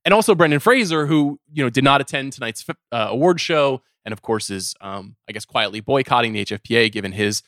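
A man co-hosting a casual podcast chat, animated and jokey, often laughing as he talks. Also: mid-range voice, quick pace, few pauses, no echo, studio quality. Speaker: podcast co-host.

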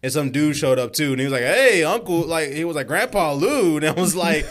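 A man on a casual podcast, chatty and full of stories. His voice sits a little high, and he acts out what other people said, laughing as he goes. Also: expressive, brisk, hardly any pauses. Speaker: podcast co-host. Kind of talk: casual chat.

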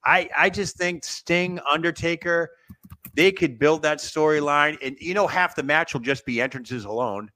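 A man's voice: fairly high pitch, normal speed, sharp tone. A man hosting a casual online wrestling chat, rambling and laughing, trailing off with fillers as he thinks aloud. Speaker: podcast host.

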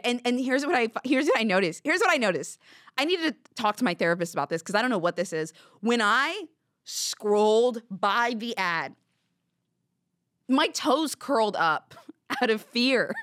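Young female podcast host, casual storyteller, high-leaning lively voice, dry booth sound. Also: moderate pace, dry recording. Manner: animated, swearing, laughing storyteller. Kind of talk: casual chat.

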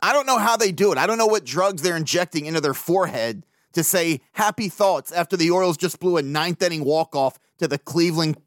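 A man hosting a casual solo podcast, swearing freely, animated and laughing often as he talks. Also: fairly high pitch, brisk, hardly any pauses, no echo, clean studio sound. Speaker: podcast host.

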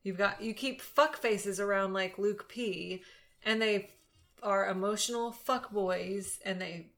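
A woman co-hosting a podcast in casual chat, animated and opinionated, often laughing at her own jokes. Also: mid-range voice, slow. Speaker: podcast co-host. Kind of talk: casual chat recapping a dating show.

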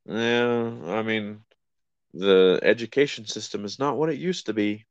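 Podcast co-host, a man with a low, smooth voice, laid-back and blunt, recorded dry and close. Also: a little slow, dry recording. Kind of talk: casual podcast chat. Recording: slightly dull, lo-fi sound.

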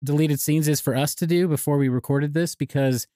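A man's voice: on the high side, fairly even intonation, fairly quick, warm tone, no echo, clean studio sound. A man co-hosting a podcast in a casual comedic chat, giggly and self-deprecating. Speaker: podcast co-host.

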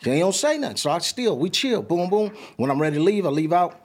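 This is a man with a high voice and a quick, tumbling delivery. He tells a story in an interview, leaning on street slang and jumping into voices to act out every line people said. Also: very animated. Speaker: interview guest. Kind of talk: animated storytelling.

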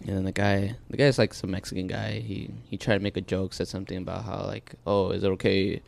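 A man's voice: low voice, level tone, quick pace, creaky. A man from California, co-hosting a casual podcast chat over beers, telling rambling stories and swearing freely. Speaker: podcast co-host.

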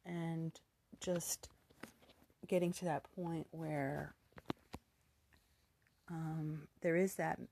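Woman, 50s, youthful-sounding, gravelly fry, rambling candid storytelling. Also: low voice, darkish tone, no echo. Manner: candid, rambling, many fillers and restarts. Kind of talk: personal storytelling to camera.

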